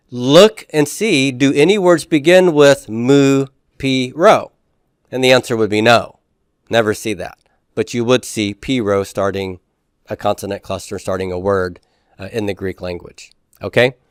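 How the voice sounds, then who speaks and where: A man teaches a Greek class in a smooth, resonant voice at a middle pitch. He works through each rule step by step and keeps checking in with his listeners. The sound is close and dry, with no room echo. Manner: explains step by step, often checks with "right?". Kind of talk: classroom lecture.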